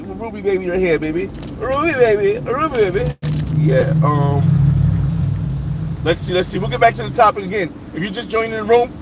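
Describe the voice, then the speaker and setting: A man hosting a casual livestream from his car as he drives, reading out viewer names and talking over the chat. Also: high-pitched. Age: adult. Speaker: livestream host. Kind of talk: casual live chat while driving. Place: inside a moving car. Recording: road and engine noise behind.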